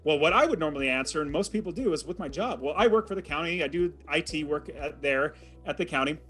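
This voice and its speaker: A man's voice: fairly high pitch, fast talker, bright, forceful tone, soft background music. A man telling a personal story as an interview guest, in a vivid and dramatic way. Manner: vivid, dramatic retelling with acted quotes.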